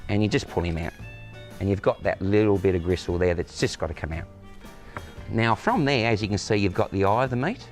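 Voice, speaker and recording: A man, a butcher, explaining outdoors step by step how to prepare a cut of meat. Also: fairly low pitch. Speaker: butcher guest. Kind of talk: cooking demonstration. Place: outdoors in the sun.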